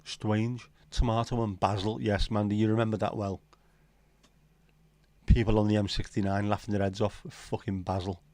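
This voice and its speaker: Low-voiced man rambling on a livestream. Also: little pitch movement, moderate pace, warm tone, no room sound. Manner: rambling, jokey, swears casually. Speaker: livestream host. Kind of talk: casual chat reading viewer comments.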